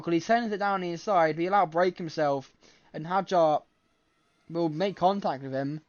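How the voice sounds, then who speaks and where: A man giving live race commentary from home late at night, excitable and often correcting himself mid-sentence, with a scratchy throat. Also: a little high, moderate pace. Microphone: desk microphone. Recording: slightly muffled lo-fi mic.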